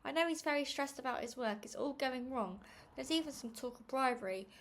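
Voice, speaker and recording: A woman's voice: sits high, a little fast, voice pushed up, close to an everyday voice. A woman reading aloud and voicing a timid young mother who speaks shakily and hesitantly through tears. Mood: shaky. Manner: shaky and hesitant.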